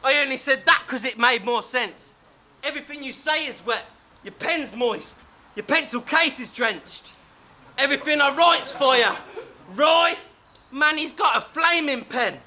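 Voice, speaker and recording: A man spitting a verse in a live rap battle, shouting punchlines and laughing through his bars. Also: very high voice, measured pace, slight background noise. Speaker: battle rapper. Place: battle venue before a live crowd.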